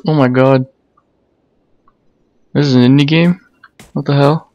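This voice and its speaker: A man doing let's play commentary, excitable, swearing and yelping when startled. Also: mid-range voice, unhurried, muffled recording. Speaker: gamer.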